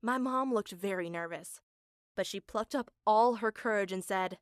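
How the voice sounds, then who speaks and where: A woman's voice: a little high, normal speed, fairly bright tone, no echo, studio quality. A woman narrating a first-person story in an earnest, emotional way.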